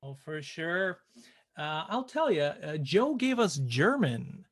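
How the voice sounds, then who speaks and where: Lively low woman co-host. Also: slow pace. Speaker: co-host reading chat suggestions. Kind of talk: live show co-hosting.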